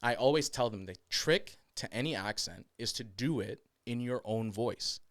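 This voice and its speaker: A young man co-hosting a casual podcast chat, telling animated stories and slipping into mock voices. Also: medium pitch, moderate pace, no room sound, clean studio sound. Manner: animated storytelling, slips into mock accents and voices. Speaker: podcast co-host.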